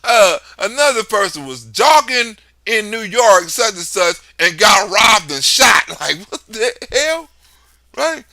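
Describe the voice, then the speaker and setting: Animated high-voiced man ranting. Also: slow, no echo. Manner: profane, animated, laughs often. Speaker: livestream host. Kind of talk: casual political rant.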